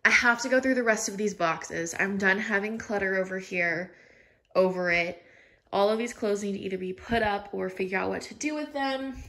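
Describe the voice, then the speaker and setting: A woman's voice: mid-range voice, moderate pace, bright, forceful tone. Chatty young woman in an echoey room. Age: young adult. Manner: chatty, talks to viewers while tidying. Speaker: lifestyle vlogger. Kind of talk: casual cleaning vlog chat. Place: home, bathroom and closet.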